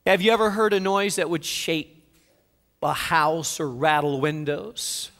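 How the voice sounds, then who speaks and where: A man preaching a dramatic sermon, swinging from soft passages to loud declarations. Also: fairly high pitch, a little slow, long reverb tail. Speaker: pastor.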